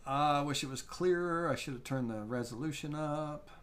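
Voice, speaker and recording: A man teaching a live CNC software tutorial, thinking aloud with restarts as he works through settings. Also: fairly high pitch, moderate pace. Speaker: woodworking CNC instructor.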